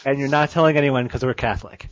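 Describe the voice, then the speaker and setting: A man's voice: mid-range voice, fast, dry recording. A man co-hosting a casual, crude comedy podcast, wisecracking and laughing often. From Chicago. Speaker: podcast co-host. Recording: dry, slightly dull lo-fi sound.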